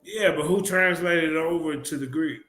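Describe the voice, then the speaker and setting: A man hosting a casual streamed discussion, talking in an animated, slangy, emphatic way. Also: fairly high pitch, normal speed. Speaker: host.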